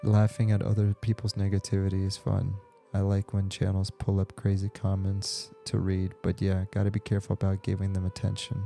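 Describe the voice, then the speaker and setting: A man with a low, gravelly voice talks in a relaxed, meandering way as he plays, filling pauses with ums and likes. His tone is mellow and fairly flat. Soft fantasy game music plays faintly behind him. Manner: relaxed, rambling, many fillers. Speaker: game streamer. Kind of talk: casual gameplay chat.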